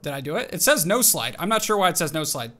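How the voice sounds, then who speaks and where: A young man giving excited, animated commentary on his own gameplay, calling out tricks and reacting aloud. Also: a little high, quick pace, over music. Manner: animated, exclaims and narrates tricks to himself. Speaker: gaming video host.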